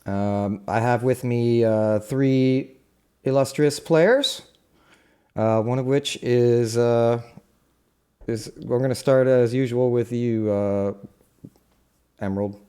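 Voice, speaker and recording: A young man introduces his live tabletop game as its game master. His tone is warm and mellow and his voice is smooth and resonant. He talks in an easy, halting way, with plenty of fillers between phrases. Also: mid-range voice. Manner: relaxed, halting with many fillers. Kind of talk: hosting a live tabletop stream.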